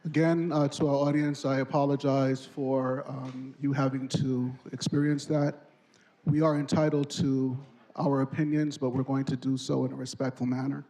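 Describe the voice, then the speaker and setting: A man's voice: medium pitch, little pitch movement, moderate pace, mellow, low-quality recording. A man chairing a public hearing, speaking in a firm, formal way. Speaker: hearing moderator.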